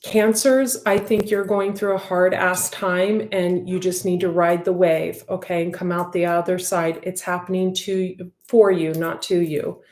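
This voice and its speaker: A woman reads tarot for her audience in a loose, heartfelt way, full of filler words. Her voice sits a little low for a woman. The room around her is echoey. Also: flat delivery, a little slow, hardly any pauses, a little mellow. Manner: rambling, heartfelt, many fillers. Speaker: intuitive tarot reader. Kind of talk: casual spoken intuitive reading.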